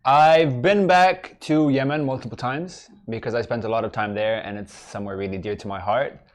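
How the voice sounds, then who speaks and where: A man in his thirties, a guest in a studio interview, telling stories in a relaxed, joking way. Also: medium pitch, moderate pace. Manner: joking, easygoing storyteller. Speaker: guest, content creator. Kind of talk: casual interview chat.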